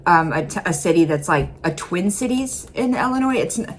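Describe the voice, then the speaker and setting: A woman's voice: lowish voice, lively intonation, normal speed, a little hiss or hum. A woman from the Midwest United States hosting a reaction video, chatting casually and rambling with plenty of "like" and "um". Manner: rambling, heavy with "like" and "um". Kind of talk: casual commentary.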